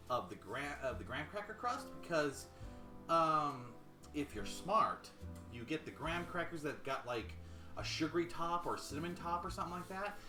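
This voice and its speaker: A man chatting casually with his viewers while he cooks on a live stream, rambling as he measures ingredients. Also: fairly high pitch. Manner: rambling, chatty, talks to chat while cooking.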